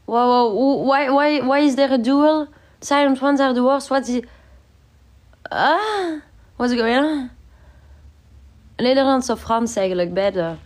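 A woman's voice: high-pitched, a little slow, pauses often. A young woman, sick, chatting casually on a livestream from her bedroom, reading out viewer comments and laughing often.

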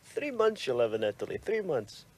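An actor playing a teasing, mocking older relative in a television drama. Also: male voice, mid-range voice, very animated, moderate pace.

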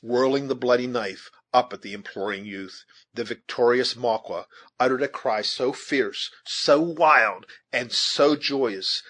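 A man reading a classic adventure novel aloud as an audiobook narrator, in a measured, dramatic reading. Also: medium pitch, fairly bright tone.

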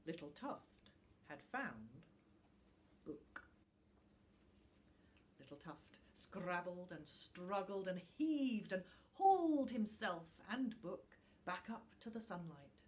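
A woman reading a children's storybook aloud as a teacher, in an animated, expressive way with dramatic pauses. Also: lowish voice, a little hiss or hum.

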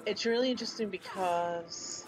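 A man's voice: high-pitched, normal speed, noisy background. A man chatting casually with self-mocking asides while playing a game on stream. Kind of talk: casual gameplay commentary.

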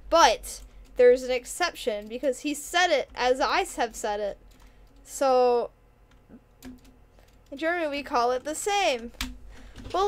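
A young woman chatting casually with her live-stream chat, giggly and excitable. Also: high-pitched. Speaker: game streamer.

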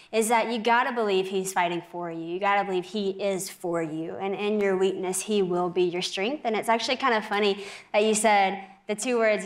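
A young American woman giving a lively, earnest faith testimony as a TV interview guest. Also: medium pitch. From United States. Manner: animated storyteller, quick and earnest.

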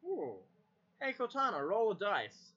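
Someone trying out a voice assistant chats casually with the device, repeating commands and swearing quietly along the way. Their medium-pitched, husky voice is very animated and fairly bright, delivered at a measured pace. The audio is dull and lo-fi, with the speaker sitting away from the microphone.

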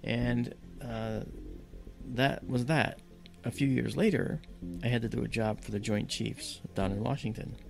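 A man telling a story on a podcast in a lively, casual way and acting out the dialogue. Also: mid-range voice, unhurried, vocal fry, soft background music. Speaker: podcast guest. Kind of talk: casual spoken anecdote.

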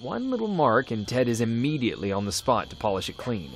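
An actor playing a young male adventure game hero, dry and matter-of-fact, with lively intonation. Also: medium pitch, fairly quick. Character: young male detective-hero, wry and plain-spoken.

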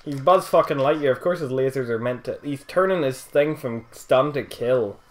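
A man's voice: medium pitch, moderate pace, low-quality recording. A young man playing and chatting in a let's play, dry and crude, teasing his co-host. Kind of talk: casual gaming chat.

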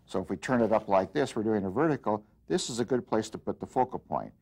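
A man teaching an art lesson, explaining design principles in an unhurried way as he works, with frequent pauses and restarts. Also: on the low side, lively intonation, a little mellow, slightly rough. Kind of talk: demonstration lesson.

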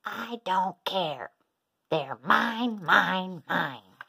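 A woman voicing a greedy, possessive young male dinosaur who shouts and grabs, in a storybook read-aloud. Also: deep voice, extremely slow, gravelly, slightly rough, exaggerated voice. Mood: greedy, shouting. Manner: loud, grabby, shouting.

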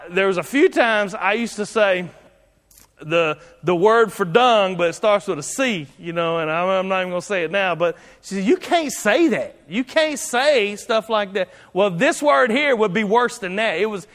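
High-voiced folksy preacher. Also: male voice, moderate pace, a bit bright, big-room sound. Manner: folksy, conversational preaching with repetitions and restarts. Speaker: pastor. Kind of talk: sermon.

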